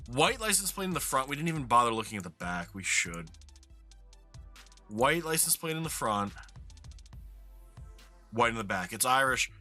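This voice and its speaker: A man's voice: mid-range voice, sing-song, normal speed, pauses often, sharp tone, faint music behind. A man from New York with a New York accent, chatting casually and swearing now and then while commenting on a geography game he plays. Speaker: streamer playing a geography game.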